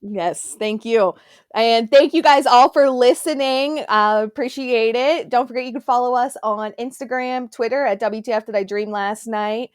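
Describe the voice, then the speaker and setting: A woman's voice: a little high, normal speed, clean tone, no room sound, clean studio sound. A woman hosting a podcast in casual chat, talking with lots of filler words. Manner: chatty, many fillers. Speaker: podcast host.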